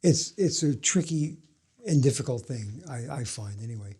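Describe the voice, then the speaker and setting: A male film director and writer giving a thoughtful, frank interview answer with gentle self-deprecation. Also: medium pitch, lively intonation, normal speed, slightly rough.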